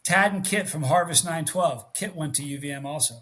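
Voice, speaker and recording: A man's voice: a little high, fairly quick. A middle-aged man, a guest on a casual podcast, who tells stories animatedly and acts out the voices in them. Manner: animated storyteller, acts out quotes. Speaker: guest, hot sauce reviewer.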